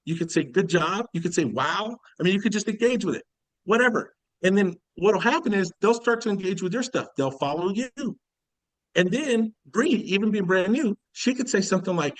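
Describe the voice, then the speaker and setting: Man, sales leader, animated coaching talk, high voice, dry close mic. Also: normal speed, no room sound, poor audio. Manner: animated, acts out quoted conversations, laughs often. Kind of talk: casual recruiting training talk.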